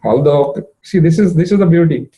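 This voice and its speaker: A man telling a devotional story, emotive and rising in pitch at moving moments, with frequent fillers. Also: brisk, dark tone, dull audio. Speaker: spiritual storyteller.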